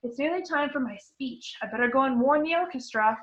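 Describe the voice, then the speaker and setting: A woman doing a proud, mournful gentleman ghost. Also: high-pitched, fairly quick, highs cut off. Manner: wistful and proud.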